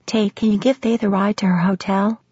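A queasy pregnant young woman, weary and apologetic, pitched a little higher, as a woman reader plays her. The voice is husky and the sound close and dry. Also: steady tone, moderate pace, a little mellow, dry recording, natural voice. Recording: slightly muffled audio.

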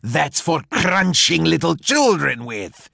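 A man voicing a sly, hungry male wolf who talks slowly and coaxingly. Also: very animated, gravelly, bright, forceful tone, no echo, clean studio sound, full character voice. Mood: falsetto disguise. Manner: slow, low and coaxing.

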